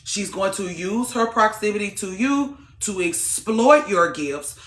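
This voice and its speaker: A woman talking to camera in a casual vlog rant, blunt and profane, preaching hard and swinging into shouts. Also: medium pitch, very animated, measured pace, few pauses, reverberant. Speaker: vlogger.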